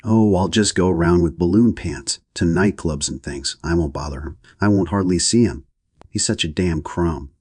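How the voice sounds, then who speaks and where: A man's voice: deep voice, normal speed, a little mellow, breathy edge, no echo, clean studio sound. An audiobook reader, a man, voicing a pert and defiant teenage girl. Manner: pert and scornful.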